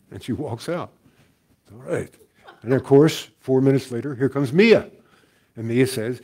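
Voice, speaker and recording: An older man giving a talk as a guest teacher, telling stories in a relaxed way with frequent chuckles. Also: mid-range voice, normal speed. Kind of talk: storytelling talk.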